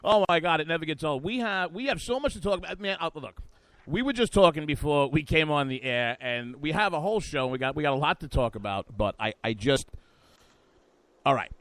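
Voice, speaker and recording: A brash male talk radio host riffs with big swings of pitch, his voice pitched high and bright. His studio sound is completely dry and close. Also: animated, fairly quick, no room sound. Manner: brash, hyped, riffing.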